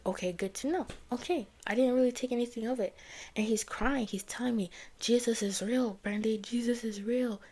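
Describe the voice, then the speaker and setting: A woman's voice: a little high, a little mellow. Rambling young woman telling her story. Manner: rambling, many fillers like "like" and "you know". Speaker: vlogger sharing her faith story. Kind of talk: casual personal testimony.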